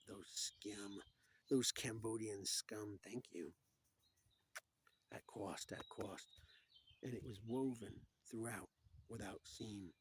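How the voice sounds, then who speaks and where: A man talking alone to the camera in a rambling, digressive monologue, drifting between topics and jokes and acting out quoted voices in a much higher pitch. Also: darkish tone.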